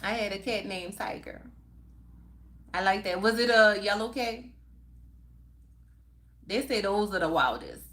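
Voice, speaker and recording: A woman's voice: medium pitch, animated, a bit bright. A middle-aged woman hosting a live stream, chatting casually and reading viewer comments aloud, laughing often. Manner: chatty, laughs often, drawn-out unhurried delivery. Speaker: livestream host.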